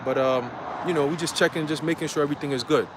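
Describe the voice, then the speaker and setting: Guy putting on a fake-nice cop, hesitant and polite, a bit quieter, faint traffic outside. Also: a little high, quick pace, voice pushed down, natural voice. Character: overly polite male state trooper checking in.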